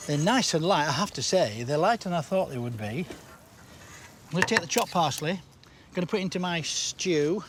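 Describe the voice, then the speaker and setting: A man's voice: fairly high pitch, lively intonation, normal speed, noisy background. A male cook and presenter, chatty and teasing, explaining each step as he cooks. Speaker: chef and TV presenter. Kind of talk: cooking show chat and voice-over narration.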